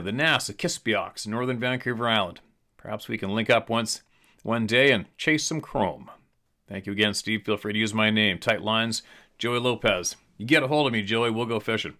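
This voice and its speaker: A hunting and fishing guide from British Columbia, Canada, hosts the show in a lowish voice that sounds pushed and bright. Reading a viewer letter, he launches into a casual, blunt, opinionated monologue that rambles.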